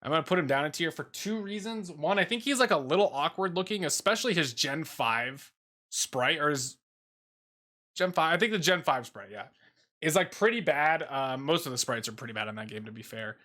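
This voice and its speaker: A man's voice: fairly high pitch, lively intonation, a little fast, bright, forceful tone. A young man casually ranking game creatures in a rambling, opinionated way, with lots of fillers. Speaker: YouTube host ranking creatures. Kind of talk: casual tier list commentary.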